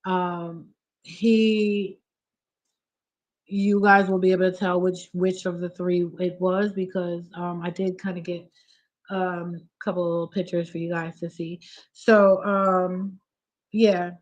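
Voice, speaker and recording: A soft-spoken woman hosting a live stream, chatting casually and close to tears. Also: on the low side, flat delivery, takes it slowly. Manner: emotional, on the verge of tears.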